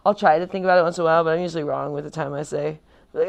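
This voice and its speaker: Gravelly-voiced woman chatting casually. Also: low voice, steady tone, very fast. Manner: rambling and chatty, with frequent fillers. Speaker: vlogger. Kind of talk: casual chat.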